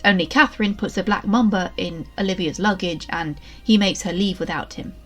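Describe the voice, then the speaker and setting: A woman's voice: lowish voice, a little fast, soft background music. Chatty English woman, East Midlands accent. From England. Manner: chatty and wry, with asides. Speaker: video reviewer. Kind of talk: casual spoken review.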